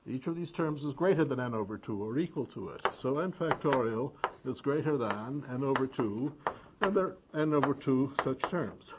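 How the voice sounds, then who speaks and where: A man giving a math lecture, working through steps methodically. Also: medium pitch. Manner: methodical, step-by-step explaining. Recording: noisy classroom recording.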